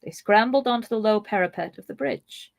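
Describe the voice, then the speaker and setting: A woman's voice: mid-range voice, brisk, creaky, dry recording. Woman reading a novel aloud, dry close sound. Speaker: podcast host reading aloud.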